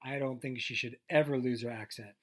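A man co-hosting a podcast with his wife in casual chat, teasing her and often clearing his throat. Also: medium pitch, steady tone, fairly quick. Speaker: podcast co-host.

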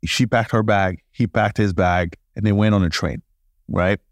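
A man, a podcast guest, telling stories casually in an animated way, laughing and acting out dialogue. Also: lowish voice, moderate pace, dry recording. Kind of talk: casual storytelling.

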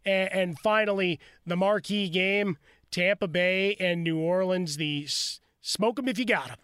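A man from Chicago giving fantasy football picks in lively, casual podcast banter. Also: sits high, unhurried, smooth, no echo, clean studio sound. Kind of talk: casual sports podcast chat.

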